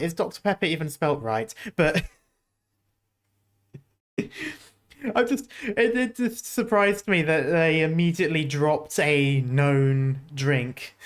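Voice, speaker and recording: A streamer chats through game trailers in a relaxed, rambling way, often breaking into giggles mid-thought. The voice sits in a middle register, and the talk wanders with frequent restarts and asides. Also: medium pitch. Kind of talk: casual reaction commentary.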